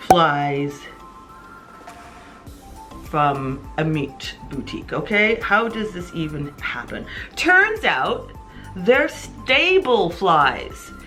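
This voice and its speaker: Woman, beauty vlogger, chatty makeup storytelling, laughing, very lively pitch, bright tone. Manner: animated, laughing, acts out voices in her story. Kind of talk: chatty get-ready-with-me storytelling.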